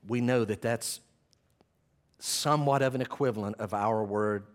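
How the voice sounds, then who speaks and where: A man preaching a sermon as pastor, swinging from loud impassioned passages to soft hushed ones, with self-deprecating asides as he reads from his notes. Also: lowish voice, moderate pace, long pauses.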